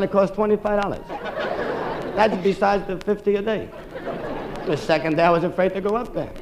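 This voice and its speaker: A man, a stand-up comedian, telling a comic monologue in rapid-fire style. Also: high voice. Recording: hissy 1950s radio recording.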